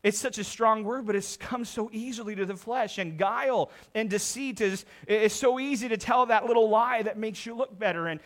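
A man's voice: high voice, normal speed, hardly any pauses, a bit bright. A middle-aged man, a pastor, preaching an earnest sermon and rising in volume for emphasis.

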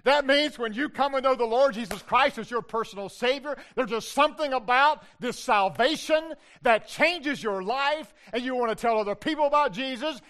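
Older pastor, emphatic sermon delivery, high tenor voice with a forceful edge. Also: male voice. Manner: loud, emphatic preaching; addresses the congregation with questions.

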